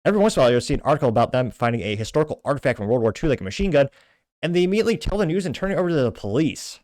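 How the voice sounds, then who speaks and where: A man hosting a commentary show reads online posts aloud at a brisk clip. His delivery is emphatic and scornful, in a mid-range voice. The recording is close and dry, with no room sound. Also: medium pitch, big pitch swings, darkish tone, no room sound. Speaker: show host. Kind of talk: reading and commenting on social media posts.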